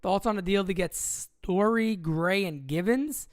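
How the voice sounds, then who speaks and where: Joking high-voiced man on a livestream. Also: a little slow, hardly any pauses, dry recording, clean studio sound. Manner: joking, rambling, reading viewer comments aloud. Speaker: livestream host. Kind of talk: casual livestream chat.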